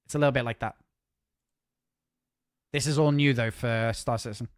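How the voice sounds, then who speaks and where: A man from the north of England with a northern English accent, chatting casually and jokily on a gaming livestream, talking fast with frequent restarts. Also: medium pitch, fairly even intonation. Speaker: streamer.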